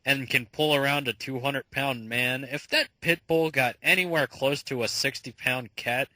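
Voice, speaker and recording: A man's voice: medium pitch, moderate pace, sharp tone, dry recording. A man co-hosting a podcast in crude casual chat, swearing, arguing and laughing often. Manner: profane, laughs often, argumentative. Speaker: podcast co-host.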